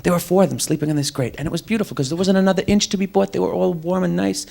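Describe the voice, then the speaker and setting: A young man works a club stage with a stand-up set, his voice sitting high. He is wry and mocking, and he keeps slipping into quick quoted voices. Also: steady tone, vocal fry, a little mellow. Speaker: stand-up comedian. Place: comedy club stage with live audience.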